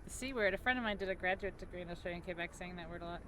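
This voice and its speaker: Woman game streamer, casual joking chat, blunt, giggly, loud game sounds behind. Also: on the low side, rapid-fire, noisy background. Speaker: streamer playing a survival game.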